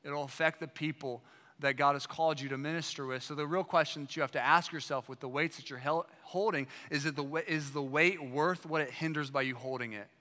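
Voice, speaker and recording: A man's voice: on the high side, fairly even intonation, fairly quick, pushed and bright, in a large hall. A man preaching as pastor, emphatic and full of rhetorical questions. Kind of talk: sermon.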